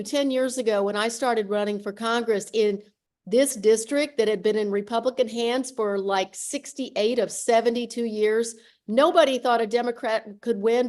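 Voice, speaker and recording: A woman's voice: on the high side, a little mellow. Older lady lawmaker, earnest and plain, giving a call speech. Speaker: legislator. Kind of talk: rally speech. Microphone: video call.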